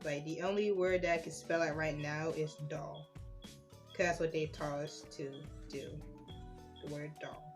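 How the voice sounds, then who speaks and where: A woman's voice: low-pitched, a little slow, over music. A young woman, chatting casually about her school years while doing her makeup. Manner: chatty, animated when retelling stories. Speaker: beauty vlogger.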